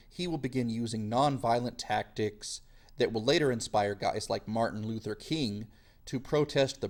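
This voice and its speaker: A man teaching a history lesson in a casual, lively way, sometimes slipping into quick silly voices. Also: medium pitch. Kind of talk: classroom lecture.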